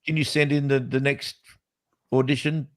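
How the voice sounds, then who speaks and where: A man's voice: mid-range voice, flat delivery, normal speed, a bit bright, no echo. A middle-aged Australian man co-hosting a casual chat, rambling and joking, often breaking into laughter. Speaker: podcast co-host.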